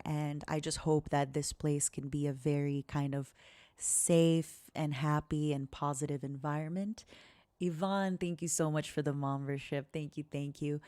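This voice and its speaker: A young woman streaming, chatting gently and slowly in a soft, cozy way. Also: deep voice, smooth, no echo. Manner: gentle, talks slowly and softly.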